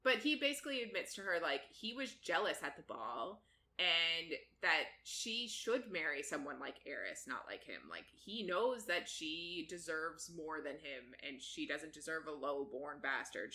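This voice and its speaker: A woman's voice: deep voice, very animated, moderate pace, pushed and bright. A woman co-hosting a podcast, chatting casually as she recaps a book, laughing often and swearing freely. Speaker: podcast co-host.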